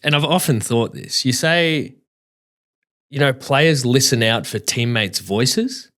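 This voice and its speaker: A man's voice: mid-range voice, slow pace, fairly bright tone. A man in a casual chat, joking and spinning exaggerated comic tales. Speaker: podcast co-host.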